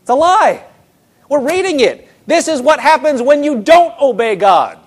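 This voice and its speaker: High-voiced emphatic man preaching. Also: sing-song, normal speed. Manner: emphatic, rhetorical questions to the congregation; repeats words for emphasis. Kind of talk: sermon.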